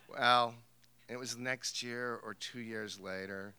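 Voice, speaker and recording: A man's voice: mid-range voice, takes it slowly, bright, forceful tone, clean tone, dry recording. A man from New Hampshire telling a wry, amused family story to a live theater audience. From New Hampshire, USA. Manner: wry, amused, laughs through his story. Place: theater stage.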